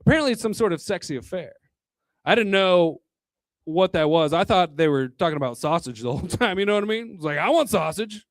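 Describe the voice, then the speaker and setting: High-pitched male stand-up comic with a crude, rambling delivery, dry close sound. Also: animated, brisk, no room sound. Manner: crude, rambling, chuckles between jokes. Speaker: stand-up comedian. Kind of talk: stand-up comedy set. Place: live comedy venue.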